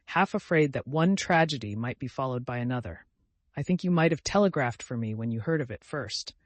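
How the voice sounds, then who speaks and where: A man's voice: mid-range voice, dry recording, natural voice. A man reading the part of a grave older male painter, earnest and pleading, in a dry recording.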